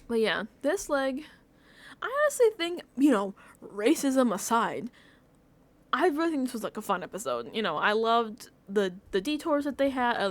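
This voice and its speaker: A woman vlogging a casual recap of a reality show, telling stories animatedly with lots of fillers and laughter. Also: medium pitch.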